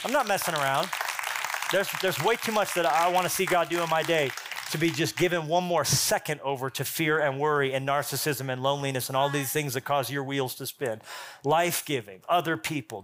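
A man preaching a sermon as pastor, punchy and animated, with quick asides and jokes. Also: a little high, some chatter behind.

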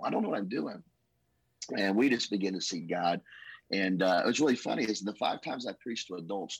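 A man tells his story as a pastor, earnest and emotional. His voice sits low and husky. The recording is close and dry, with no room sound. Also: dry recording, rough recording. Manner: emotional, earnest, says "man" and "bro" often. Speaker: pastor, podcast guest. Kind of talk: testimony storytelling.

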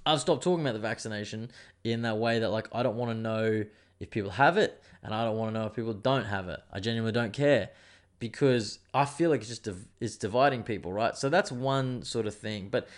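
A man's voice: fairly low pitch, a little fast. A young man, hosting a casual monologue show. He rambles and digresses and swears freely. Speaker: podcast host.

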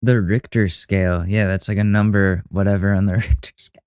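A man's voice: on the low side, fairly quick, a little mellow, clean tone, dry recording, clean studio sound. A young man hosting a podcast, reacting to a video with mocking, profane, rambling commentary. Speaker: podcast host.

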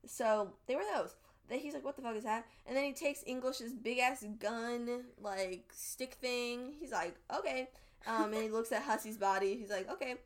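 A young woman with a slightly high voice chats through a story recap. She rambles, swears freely and jumps into exaggerated quotes of the characters. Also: normal speed, hardly any pauses. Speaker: podcast co-host recapping a webcomic. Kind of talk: casual recap chat.

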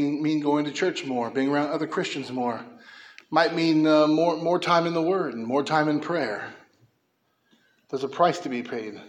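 A man preaching a sermon as pastor, impassioned, swinging from quick asides to slow, emphatic declarations. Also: a little high, roomy sound.

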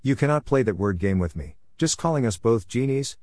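Man doing a grumpy sarcastic genie who wont take orders, lowish voice, dry close mic. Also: animated, normal speed, a little mellow, no echo. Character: stubborn, sarcastic, experienced male genie.

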